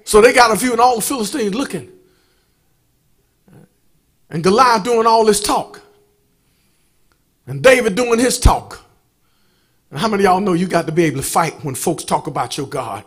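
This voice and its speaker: A man's voice: sits high, animated, moderate pace, long pauses, slightly rough. A man preaching a fiery sermon as pastor, calling out to the congregation and chanting his lines. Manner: shouting, chanting, call-and-response with congregation. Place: church sanctuary.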